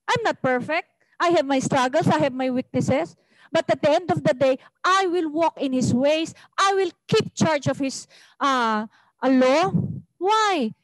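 A woman's voice: sits high, expressive, a little slow, no echo, poor audio. A woman pastor with a Filipino accent preaching a sermon, switching between English and Tagalog and asking the congregation rhetorical questions.

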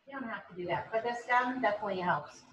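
A woman painting instructor teaches an online class over a video call, chatty and encouraging, and bubbly when she praises. Her voice is a little high and quick, on a rough recording with slight background noise.

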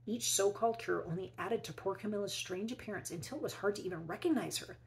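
Woman reading a picture book aloud, slightly gravelly. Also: mid-range voice, a little hiss or hum, rough recording. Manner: expressive, pausing to ask the listener questions. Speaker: teacher reading to children. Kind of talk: children's read-aloud storytelling.

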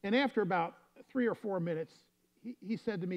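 A man's voice: high-pitched, a little fast. Lo-fi man preaching a sermon. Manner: storytelling, conversational preaching. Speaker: pastor.

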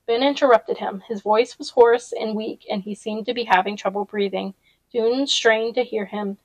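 A woman's voice: fairly high pitch, steady tone, moderate pace, dry recording, poor audio. A woman reading a novel aloud chapter by chapter, with casual personal asides along the way. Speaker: audiobook reader.

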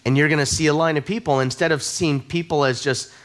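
A man's voice: a little high, steady tone, quick pace. A male pastor delivering a sermon in a loose, conversational way, with a voice sitting a little above the usual male range. He tells stories from his own life, laughs at himself, and often restarts sentences with a doubled word. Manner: conversational, self-deprecating storytelling, repeats words as he starts sentences. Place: church service.

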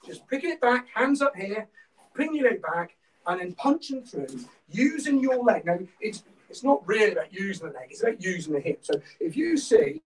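A man's voice: high-pitched, far from the mic, poor audio. Norfolk man teaching a martial arts class. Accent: Norfolk English. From England. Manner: instructive, peppers talk with "okay?"; shouts counts during drills.

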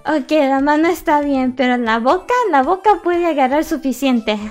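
A woman's voice: sits high, fairly quick, hardly any pauses, a little mellow, soft background music. A young woman streaming a game, exasperated and swearing as she comments live, switching between English and Spanish.

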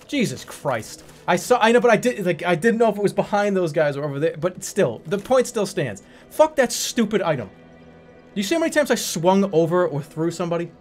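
A man commenting as he plays a video game, swearing, laughing and yelling in frustration. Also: sits high, sing-song, brisk, soft background music. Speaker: gaming streamer. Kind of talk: let's play commentary.

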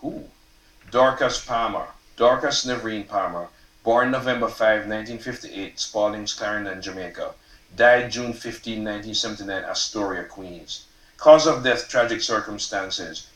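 A man with a lowish voice reads his own novel to a live audience, lively and loose, not shy about the swearing. He sounds roomy and set back from the mic, as if in a hall. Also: moderate pace, recorded from a distance. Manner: expressive, casual, swears and laughs at his own text. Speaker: author reading his novel. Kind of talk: reading aloud at a live event. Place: event stage before an audience.

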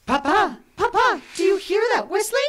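A man putting on a very high child's voice, playing a small boy calling to his father. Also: very animated, moderate pace, a bit bright, heavily acted. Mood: wondering. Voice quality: squeaky falsetto.

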